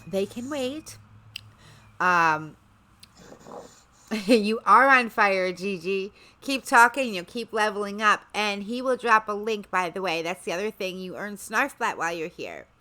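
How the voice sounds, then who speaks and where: A woman's voice: mid-range voice, measured pace, bright, forceful tone. A woman hosting a livestream, chatting casually in a rambling way with sarcastic asides. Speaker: livestream host.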